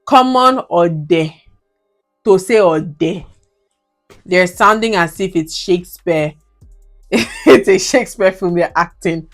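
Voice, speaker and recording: A woman's voice: lowish voice, takes it slowly, pauses often, soft background music. A young Nigerian woman with a Nigerian accent, talking casually about movies as a video reviewer. She laughs often and slips into Nigerian Pidgin. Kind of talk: casual commentary on her old reviews.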